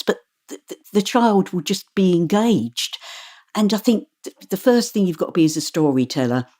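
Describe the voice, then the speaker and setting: A middle-aged woman, an audiobook narrator, talking in an interview in a chatty, animated way and laughing often. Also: on the low side. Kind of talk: interview conversation.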